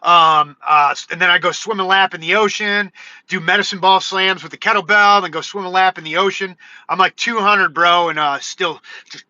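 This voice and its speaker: A man hosting his own livestream, chatting loosely and excitedly with viewers, full of "dude" and "bro". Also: high voice, moderate pace, no echo, lo-fi sound. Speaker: livestream host. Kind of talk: casual livestream chat.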